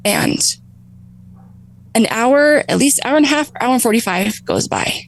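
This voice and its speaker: A woman in her thirties telling her own recovery story on a talk show, animated, laughing often and acting out her past thoughts. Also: fairly high pitch, measured pace, vocal fry, rough recording. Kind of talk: emotional personal storytelling.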